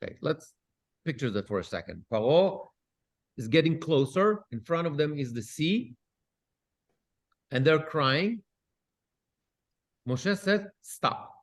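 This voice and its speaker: A man, a cantor, teaching a Bible study class who reads Hebrew verses aloud and translates them with lively questions. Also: a little high, slow pace, long pauses.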